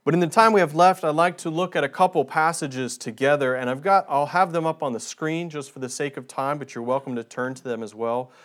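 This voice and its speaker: A man's voice: on the high side, a little fast, few pauses, fairly bright tone. Earnest man preaching a missionary sermon. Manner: earnest, emphatic preaching with rising stress. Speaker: missionary speaker.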